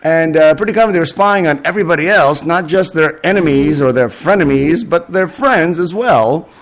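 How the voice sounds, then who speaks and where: A man's voice: a little high, expressive, a little fast. A man hosting a podcast, talking in a casual, sarcastic monologue with lots of uh's and um's. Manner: sarcastic, rambling, full of fillers. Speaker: podcast host.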